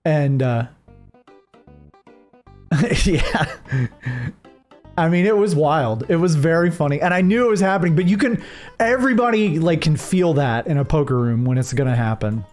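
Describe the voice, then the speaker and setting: A man's voice: fairly high pitch, expressive, moderate pace, long pauses, darkish tone, faint music behind. A young man streaming a game, telling a rambling story with many restarts and fillers. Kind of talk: casual storytelling while gaming.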